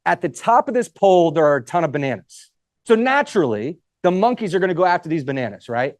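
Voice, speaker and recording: High-voiced man giving a motivational talk. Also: sing-song, fast talker, no room sound, clean studio sound. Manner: casual, swearing, jokes with the crowd. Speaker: event speaker. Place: live event room.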